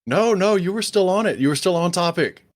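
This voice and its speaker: A man's voice: high-pitched, expressive, fairly quick. A man hosting a podcast, reacting to his guest in an easygoing, casual way. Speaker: podcast host. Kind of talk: casual interview chat.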